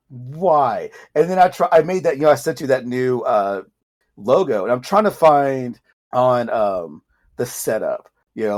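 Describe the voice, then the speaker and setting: A man's voice: mid-range voice, darkish tone. A man co-hosting a podcast, ranting in casual chat with frequent swearing and restarts, his voice leaping up when frustrated. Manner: swears freely, self-interrupting. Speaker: podcast co-host.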